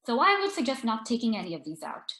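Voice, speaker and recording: A woman reading aloud plays a brash, sardonic TV hostess, pitched up and loud as she mocks, theatrical and cutting. The sound bounces around an echoey room. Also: very animated, fast. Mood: mocking. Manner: mocking and theatrical.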